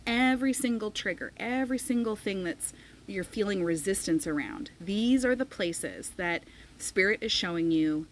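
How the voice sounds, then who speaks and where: A woman's voice: medium pitch, slight background noise, poor audio. A woman in her thirties telling a personal story in a chatty vlog, full of "like" fillers. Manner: chatty, frequent "like" fillers, emotional retelling. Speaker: spiritual coach.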